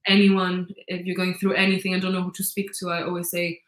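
A woman's voice: fairly low pitch, completely flat delivery, quick pace, roomy sound. A woman, chatting as an interview guest in an upbeat, filler-heavy way. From Gibraltar. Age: 20s. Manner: chatty and upbeat, full of "like" and "you know". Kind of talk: casual interview chat.

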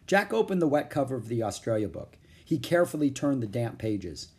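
An audiobook narrator reading a children's book aloud in an expressive storytelling way. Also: medium pitch, a little fast, slightly rough.

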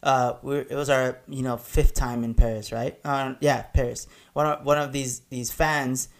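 A man's voice: medium pitch, flat delivery, normal speed. A man hosting a casual podcast, telling rambling stories with lots of cursing and laughter. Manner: rambling storyteller, cusses freely, laughs often. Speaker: podcast host.

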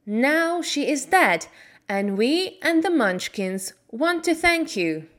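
Kindly little old good witch in a storybook, a woman reading her, slow and gentle. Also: high-pitched, very animated, voice pushed up, full character voice. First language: Slovak.

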